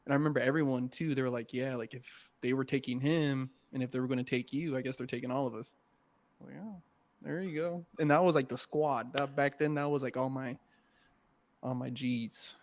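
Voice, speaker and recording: Young dude on a podcast, says bro every other word, swears a lot, regular mid voice. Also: male voice, mid-range voice, fairly even intonation, brisk. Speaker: podcast co-host. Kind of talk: casual storytelling.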